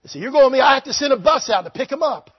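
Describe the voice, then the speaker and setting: A man preaching a revival sermon as pastor, shouting with fervor and repeating phrases. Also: very high-pitched, lively intonation, racing, slightly rough, no room sound, lo-fi sound.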